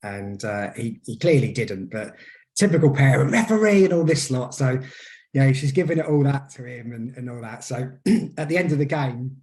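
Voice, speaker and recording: A man's voice: medium pitch, expressive, normal speed, a little mellow. Hesitant man in his forties. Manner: hesitant, filler-heavy storytelling. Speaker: guest, hypnotherapist. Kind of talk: casual podcast interview.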